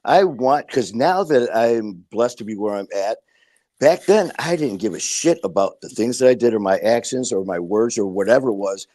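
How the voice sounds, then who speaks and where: A man's voice: medium pitch, expressive, moderate pace, mellow, dry recording. A middle-aged man from Detroit, a podcast guest telling his story with blunt, emphatic, profane candor. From Detroit, USA. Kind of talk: candid podcast conversation.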